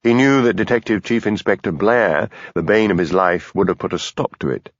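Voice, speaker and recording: Brief: low-voiced male narrator, animated mystery reading, dry muffled studio sound. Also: normal speed, dry recording. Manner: lively, expressive reading. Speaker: audiobook narrator. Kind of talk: scripted narration.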